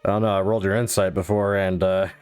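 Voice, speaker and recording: A man's voice: low-pitched, flat delivery, fast, a little mellow, clear, resonant tone, faint music behind. A man narrating as game master of a tabletop game, laughing often between lines.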